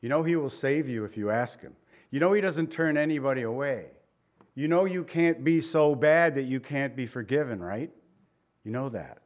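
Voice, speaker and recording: A man's voice: mid-range voice, animated, normal speed. A middle-aged man preaching a sermon in a conversational way, asking the listeners rhetorical questions. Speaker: pastor.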